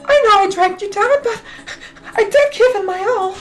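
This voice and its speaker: A man doing a pleading young woman in falsetto. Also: moderate pace, soft background music. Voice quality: strained high falsetto. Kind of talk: gameplay stream with character reading.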